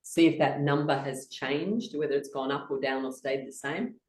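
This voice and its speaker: A woman's voice: very deep voice, steady tone, moderate pace, a little mellow. A woman guiding a laughter yoga session over a video call, in a playful, encouraging manner. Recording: roomy, distant from the mic.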